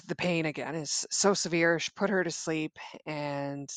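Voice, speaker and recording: A woman, a guest, tells her own story in a halting way, with many restarts and fillers. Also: low voice, fairly even intonation, clean tone, no echo. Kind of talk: personal storytelling.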